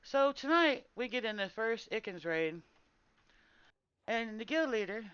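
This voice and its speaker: A woman's voice: a little high, sing-song, measured pace, a bit bright, smooth, no echo, muffled recording. A woman streamer in casual chat, venting and swearing with frequent laughs. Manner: venting, profane, laughs a lot. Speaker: game streamer.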